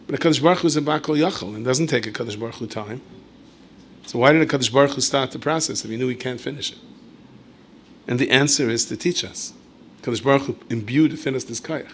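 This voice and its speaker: A rabbi delivers a Torah lecture as a string of stories, his voice bright and forceful at a middling pitch. He talks conversationally, correcting himself mid-sentence and tossing in asides. When he quotes someone he leaps up high and loud to act the line out. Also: quick pace. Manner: animated storyteller who leaps high and loud when acting out quoted speech.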